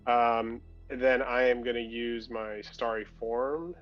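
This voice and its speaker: A man's voice: medium pitch, fairly even intonation, slow, dull audio, faint music behind. Hesitant male tabletop player. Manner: hesitant, restarts sentences. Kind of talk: casual game chat.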